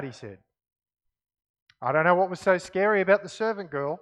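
A man delivers a sermon with a high voice. His pitch swings widely as he reads scripture and drives home each point. He often drops to quiet emphasis. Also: moderate pace, lo-fi sound. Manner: expressive Bible reading, dropping to quiet emphasis. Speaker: preacher.

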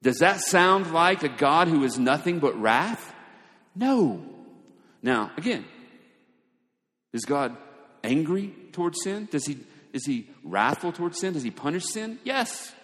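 A man preaching a sermon, shifting between quiet asides and raised, emphatic lines. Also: a little high, big pitch swings, a little slow. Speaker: pastor. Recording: long hall reverb.

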